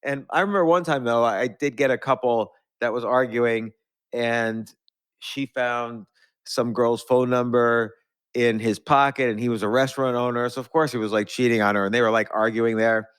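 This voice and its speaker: Middle-aged male host, medium pitch, rambling anecdotal storyteller, dead-dry room. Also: fairly even intonation, moderate pace, fairly bright tone, clean tone, no echo. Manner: rambling anecdotes with restarts and laughs. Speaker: podcast host. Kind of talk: storytelling in conversation.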